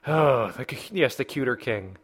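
A man's voice: mid-range voice, expressive, moderate pace, breathy edge. A man hosting a podcast who reads listener comments in a joking, rambling way. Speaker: podcast host. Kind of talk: casual podcast banter.

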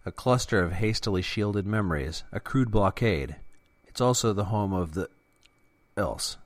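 A man voicing a calm middle-aged male construct who guards memories and speaks in a measured, formal way. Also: fairly low pitch, dry recording. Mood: grave.

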